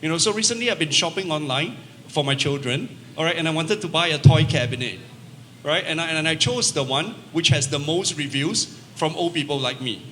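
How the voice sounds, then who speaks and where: A man's voice: a little high, animated, brisk, pushed and bright. A man with a Singaporean accent answering questions on a panel in an emphatic, rallying way. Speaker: panel speaker. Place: large event hall. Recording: long reverb in a hall, faint noise.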